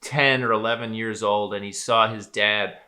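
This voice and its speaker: Man, podcast co-host, casual analysis, bright crisp tone, rambling, emphatic. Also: fairly low pitch, fairly even intonation, moderate pace. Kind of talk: casual chat.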